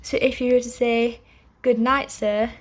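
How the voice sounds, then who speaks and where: A young woman leads an online language lesson in a patient, steady way. She speaks in a slightly higher voice and pauses often so listeners can repeat after her. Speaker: French teacher.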